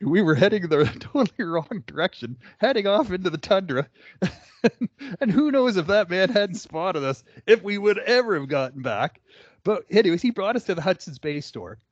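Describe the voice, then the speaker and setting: A man's voice: sits high, big pitch swings, normal speed, no room sound. A middle-aged man giving a conversational storytelling presentation, with frequent filler words. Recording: dull, lo-fi dry recording.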